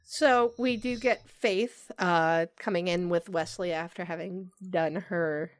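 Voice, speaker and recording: A woman's voice: fairly low pitch, slow pace, no room sound. Woman podcast co-host, casual and thoughtful, hedges a lot; dry close sound. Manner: thoughtful, hedging with fillers. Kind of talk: casual discussion of a TV episode.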